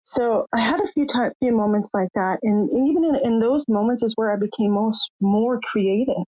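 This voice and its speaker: Candid older woman, high and dry. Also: normal speed, dry recording. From Canada. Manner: emotional, candid, breaks into quoted voices. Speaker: guest. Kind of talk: personal storytelling in a podcast interview. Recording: muffled lo-fi sound, dry.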